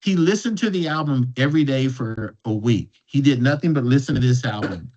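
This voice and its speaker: A man of middle pitch tells stories as an invited guest, talking in a loose, conversational way. He often stumbles and restarts a phrase before going on. The recording sounds dull and lo-fi. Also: animated, brisk, darkish tone. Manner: restarts and repeats words while telling a story. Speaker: guest speaker. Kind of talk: conversational storytelling.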